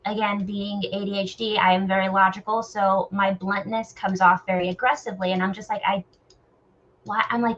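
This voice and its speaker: A woman in a candid group discussion, talking bluntly and animatedly and questioning herself out loud. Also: mid-range voice, little pitch movement, fairly quick, muffled recording, slight background noise.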